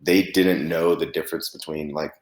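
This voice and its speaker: Deep-voiced young man, rambling casual chat. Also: fairly even intonation, normal speed, a little mellow, roomy sound. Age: 20s. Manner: rambling, heavy use of "like" and swearing. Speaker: podcast host.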